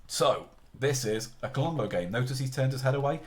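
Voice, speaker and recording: A man's voice: medium pitch, animated, fast talker, few pauses. A man chatting casually on a live stream, rambling and often interrupting himself mid-sentence.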